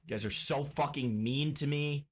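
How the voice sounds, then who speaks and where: A man's voice: on the high side, normal speed. Profane mock-furious male game streamer. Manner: profane, mock-angry, ranting at chat. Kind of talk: casual live-stream chat.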